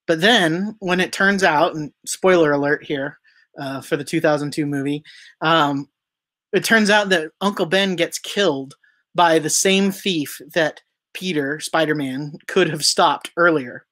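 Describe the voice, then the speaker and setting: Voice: medium pitch, a little slow, fairly bright tone. Pastor preaching, easygoing, lots of questions to the congregation, some ums and restarts. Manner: conversational preaching with rhetorical questions; occasional fillers and self-corrections. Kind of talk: sermon.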